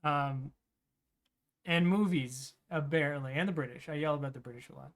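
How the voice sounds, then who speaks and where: A man hosting a tabletop game stream, ranting loudly and swearing in casual talk. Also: a little high, normal speed. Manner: ranting, profane, rambling. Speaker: game master and stream host. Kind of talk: loud casual stream chat.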